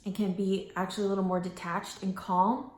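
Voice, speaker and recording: A woman chats to camera in a relaxed, rambling vlog style, drifting off track and circling back. Her voice sits at a middle pitch and carries a roomy echo around it. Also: brisk. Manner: rambling, loses her thread, acts out quoted voices. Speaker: vlogger. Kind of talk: casual talking-to-camera vlog.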